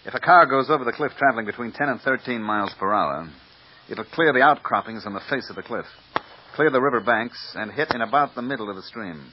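A man's voice: mid-range voice, lively intonation, fast, slight background noise, natural voice. An actor playing a clipped, businesslike male police lieutenant in a 1950s radio drama. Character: brisk, matter-of-fact male police lieutenant. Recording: dull lo-fi old radio recording.

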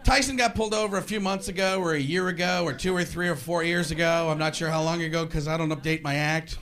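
A man's voice: fairly high pitch, steady tone, fast talker. A man doing stand-up comedy, rambling and switching into character voices before a live audience. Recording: live club with loud crowd and noise.

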